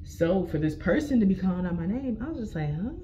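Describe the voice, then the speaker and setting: A young adult woman telling a casual storytime vlog, animated and profane, with lots of slang and acted-out quotes of herself. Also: on the low side, quick pace, a little hiss or hum. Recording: slightly dull lo-fi sound.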